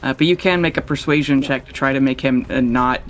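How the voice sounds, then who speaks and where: A man's voice: medium pitch, fairly quick, soft background music. A young man running a tabletop game as game master, narrating casually and swearing freely. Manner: casual, swears freely, voices characters in passing.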